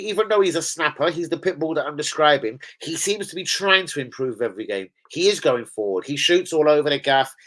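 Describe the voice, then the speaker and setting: A man's voice: fairly high pitch, a bit bright, poor audio. A man with a London accent chatting on a live stream about football, slangy and sweary, rambling through anecdotes from indoors at home. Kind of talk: casual live-stream chat.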